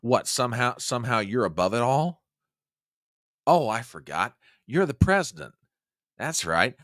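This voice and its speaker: Male host, ranting commentary, sarcastic, lively pitch, dry close sound. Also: a little slow, no echo. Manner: angry, sarcastic, swinging between low growl and shouting. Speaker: host of a political commentary show.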